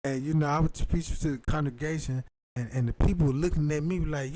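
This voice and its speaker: A man's voice: a little high, fast talker, dark tone, low-quality recording. A man rambling through a profane comic monologue, slipping in and out of put-on voices. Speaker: comedian.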